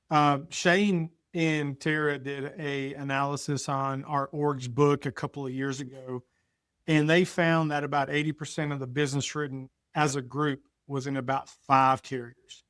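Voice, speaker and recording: A man on a panel who talks in a relaxed, agreeable way. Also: fairly high pitch, unhurried, dry recording, studio quality. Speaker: co-host. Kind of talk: casual panel talk.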